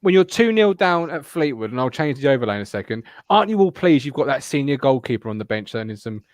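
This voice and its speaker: A man mocks his football club's choices with heavy sarcasm and swearing. His pitch is middling. The sound is dry and close. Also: big pitch swings, fast talker, no room sound. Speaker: fan show host running the stream. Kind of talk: casual football watch-along chat.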